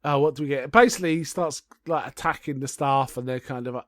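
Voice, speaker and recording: A man's voice: medium pitch, fast, dry recording, studio quality. A man co-hosting a podcast, casually recapping a film with lots of ums and acted-out quotes. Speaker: podcast co-host.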